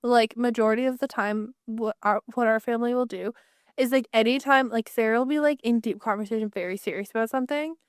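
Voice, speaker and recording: Woman, higher smooth voice, dry close mic; lively, filler-heavy podcast co-host. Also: quick pace, dry recording. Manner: animated, filler-heavy, jumps in with examples. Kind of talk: casual chat.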